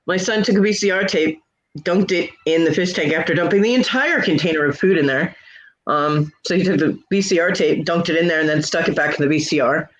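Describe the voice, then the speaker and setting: A woman's voice: deep voice, fairly quick. A middle-aged woman telling a funny family story in a casual chat, laughing often and acting out the quoted voices. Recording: dull lo-fi live stream audio.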